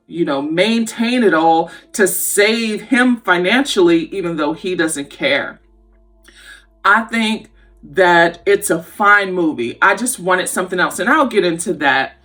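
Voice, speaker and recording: A woman giving a casual spoken film review, candid and opinionated, talking conversationally with restarts. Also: fairly low pitch. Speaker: movie reviewer. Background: faint background music.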